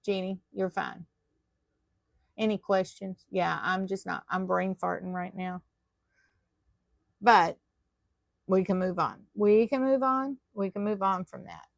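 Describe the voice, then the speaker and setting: A woman's voice: fairly low pitch, level tone, a little slow, gravelly, long pauses, dry recording. A woman teaching a live online tatting class, chatty and self-deprecating as she talks viewers through her work.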